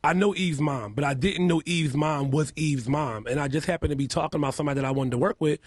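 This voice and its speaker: A man being interviewed on a radio show in a studio, telling stories about his work with lively energy and acting out what people said. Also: a little high, fast talker, breathy edge, no room sound. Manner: animated storyteller, acts out quotes loudly. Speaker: makeup artist and house mother, guest.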